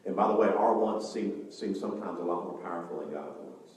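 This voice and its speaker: A man preaching a sermon as pastor, animated and acting out the voices of the story. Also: deep voice, a little fast, very echoey, big-room sound, distant mic, low-quality recording. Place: church sanctuary.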